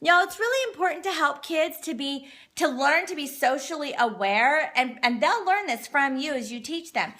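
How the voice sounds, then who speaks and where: A woman speaks high and bright, coaxing and gentle as she teaches manners. She talks into a phone in her home. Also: lively intonation. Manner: gentle, coaxing, reads aloud slowly to a child. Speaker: parenting livestream host. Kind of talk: casual teaching to viewers and child. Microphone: phone livestream.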